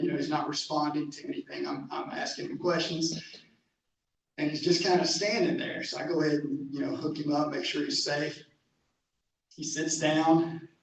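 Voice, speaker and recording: A man's voice: on the high side, vocal fry. Man telling a story from afar in an echoey hall. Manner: storytelling, halting restarts. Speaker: camp director. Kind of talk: speaking to a club meeting. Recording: echoey hall, distant mic, faint noise.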